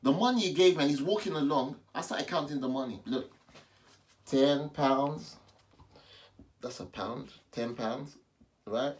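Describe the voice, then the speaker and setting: Excitable man telling a testimony. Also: medium pitch, slow pace, long pauses. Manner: animated storytelling, excitable, repeats himself. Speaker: pastor. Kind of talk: personal testimony vlog. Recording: distant mic with faint background noise.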